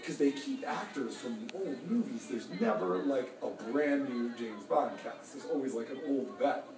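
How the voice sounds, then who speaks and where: A man talking in a rambling, disjointed way, full of filler words, while intoxicated, in a motel lobby. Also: medium pitch. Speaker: motel guest. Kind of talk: rambling monologue. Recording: echoey room, distant phone, background noise.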